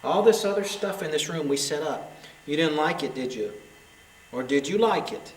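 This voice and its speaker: A man's voice: a little high, expressive, moderate pace, reverberant, slight background noise, poor audio. A man, a paranormal investigator, talks tenderly to unseen spirits in a derelict hospital at night, pleading and calling them honey and sweetheart. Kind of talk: coaxing talk to unseen spirits.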